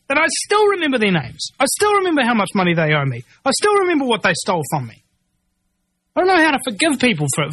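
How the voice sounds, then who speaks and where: A man's voice: high-pitched, fairly bright tone, no room sound. A man ranting angrily in a rambling monologue, swearing and restarting his sentences as he reacts to a news article. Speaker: commentator reading news.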